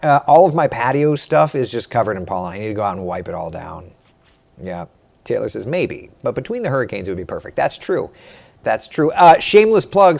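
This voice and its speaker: A meteorologist hosting a casual live morning chat, reading viewer comments aloud and answering them. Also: male voice, medium pitch. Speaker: meteorologist host.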